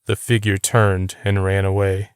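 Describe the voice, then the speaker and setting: A man narrating a novel as an audiobook, reading in a steady, unhurried way. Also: sits low, clean tone, no room sound, clean studio sound. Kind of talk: scripted narration.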